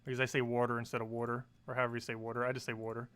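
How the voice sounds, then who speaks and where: A man in his twenties from New Jersey, talking fast and casually as he streams a game. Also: mid-range voice, flat delivery, pushed and bright. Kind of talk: casual live-stream commentary.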